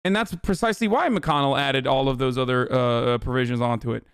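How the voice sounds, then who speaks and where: A man's voice: medium pitch, a little fast, clear, resonant tone, dry recording, studio quality. A male streamer giving casual, profane, rambling livestream reaction commentary. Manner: profane, animated, rambling riffs.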